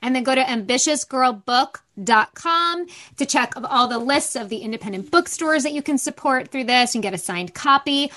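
A woman's voice: high voice, animated, moderate pace, few pauses, pushed and bright. A woman hosting a podcast, chatting casually and thanking her guest effusively. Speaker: podcast host.

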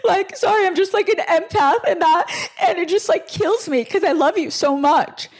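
Woman doing a tearful, self-pitying young woman friend: high, whiny, weepy, strained. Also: normal speed.

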